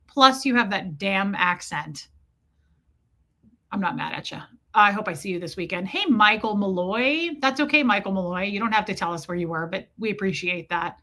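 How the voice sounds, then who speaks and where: A woman's voice: mid-range voice, lively intonation, brisk, pushed and bright. Chatty woman greeting livestream viewers. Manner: chatty, greets viewers by name, joking asides. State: slightly hoarse. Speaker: livestream host. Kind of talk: casual livestream chat.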